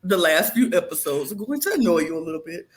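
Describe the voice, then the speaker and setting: Woman, podcast co-host, lively swooping pitch, slangy ranting, casual chat. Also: fast talker, slight background noise.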